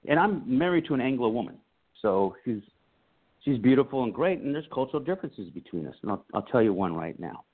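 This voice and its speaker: Husky-voiced man telling stories over a phone line. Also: mid-range voice, brisk. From United States. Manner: animated storyteller acting out quotes. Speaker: guest, comedian and writer. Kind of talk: casual interview storytelling.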